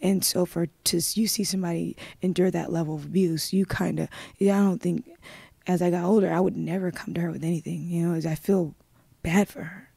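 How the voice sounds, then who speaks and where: A woman speaks as an interview guest in a low, even, subdued way, her voice husky with a gravelly fry. Her tone is mellow rather than bright, and the sound is dry and close. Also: brisk, no room sound. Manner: subdued, earnest storytelling. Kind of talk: personal testimony in a live-streamed interview.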